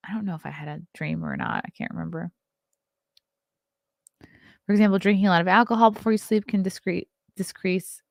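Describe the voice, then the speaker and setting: A woman in her thirties with a medium-pitched voice hosts a casual solo livestream, chatting, reading articles aloud and reacting to them, and she yawns often. The sound is dry and clean, studio quality.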